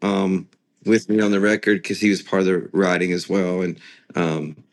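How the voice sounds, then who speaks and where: A man with a fairly low voice answers interview questions as a songwriter. He explains his intentions earnestly and slips into retelling a story with steady sincerity. His tone stays conversational throughout. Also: moderate pace, vocal fry. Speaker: guest songwriter.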